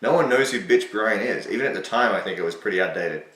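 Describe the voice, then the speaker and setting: Sarcastic man, low voice, echoey room. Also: expressive, fast talker, pushed and bright, distant mic. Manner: sarcastic, self-mocking, swears. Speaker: host reacting to his old video. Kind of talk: casual commentary.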